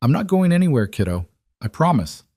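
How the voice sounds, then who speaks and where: A man reading the lines of a tired, gentle single father, in a quiet, hesitant manner. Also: a little high, sing-song, a little fast, slightly rough, no echo, studio quality, pitched above the performer's own voice. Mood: tender.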